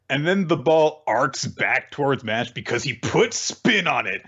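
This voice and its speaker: Man, casual podcast host, lively storyteller with a lot of pitch movement; slightly muffled mic. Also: unhurried, husky. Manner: animated storytelling, acts out characters. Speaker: podcast host recapping manga. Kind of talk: casual chat.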